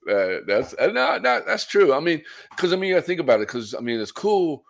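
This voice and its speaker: A man's voice: on the high side, sing-song, normal speed, gravelly. An American man hosting a casual podcast interview, laughing easily and restarting his sentences as he talks. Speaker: podcast host.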